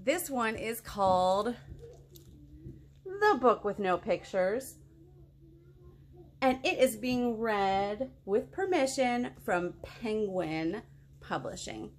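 A woman's voice: mid-range voice, slight background noise. A woman librarian leading a children's storytime, reading a silly book aloud with mock outrage and silly noises. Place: home, kids outside.

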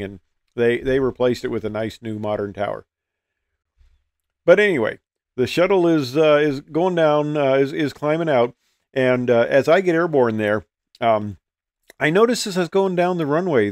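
A man's voice: medium pitch, a little mellow, no echo, studio quality. An older man and retired pilot telling a casual, folksy story, with many fillers and restarts.

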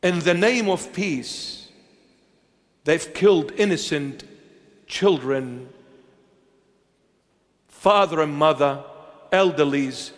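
A man with a high voice preaching a slow, deliberate sermon. He leans on rhetorical questions and swings between hushed phrases and loud ones. His voice rings with a long church reverb. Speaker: bishop preaching.

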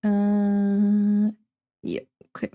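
A woman's voice: mid-range voice, monotone, drawn-out words, dark tone. A young woman streaming herself playing a game, chatting casually, thinking aloud and swearing freely. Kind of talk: casual live-stream commentary while gaming.

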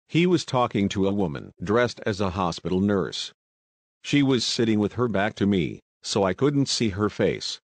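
A man reading a novel aloud as an audiobook narrator, in steady storytelling. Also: on the low side, no room sound.

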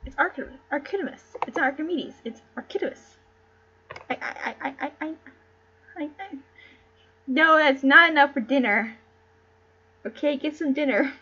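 A woman's voice: high-pitched, normal speed, long pauses, bright, forceful tone. A woman who streams herself reading a play aloud and chatting casually. She is giggly and rambling, and she stumbles over names. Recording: dull lo-fi stream audio.

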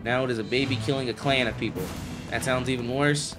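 A man giving excitable, profane, joking commentary over his gameplay. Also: medium pitch, quick pace, over music. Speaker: gaming video creator.

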